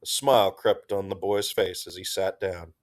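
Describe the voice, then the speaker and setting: A man reading a story aloud in slow, measured narration. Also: sits low, fairly even intonation.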